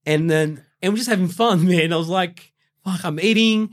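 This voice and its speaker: A man's voice: fairly high pitch, a little fast. A young Australian man from Brazil, telling his story as a guest in a casual interview, rambling with heavy swearing and fillers. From Brazil, raised in Australia.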